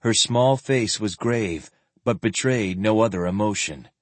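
A man narrating a fantasy novel as an audiobook, with expressive, varied delivery close to the microphone. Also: fairly low pitch, unhurried, no room sound.

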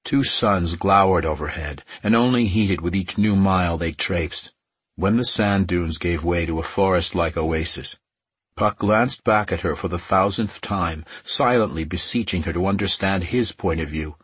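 A man narrates an audiobook in a steady, measured way. His voice is low and heavily husky. The recording is close and dry, with no room sound. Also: dry recording.

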